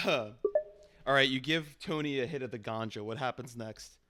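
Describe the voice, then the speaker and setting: A man's voice: medium pitch, pushed and bright, no room sound. Playful male streamer, dry close sound. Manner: teasing, playful, quick to laugh. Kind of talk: casual chat with an AI character.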